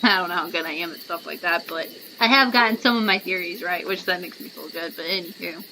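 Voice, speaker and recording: A woman's voice: fairly low pitch, fast talker, pushed and bright, slight background noise, rough recording. A young woman playing a story game, reading its text and chatting casually as she thinks aloud. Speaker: let's-play gamer.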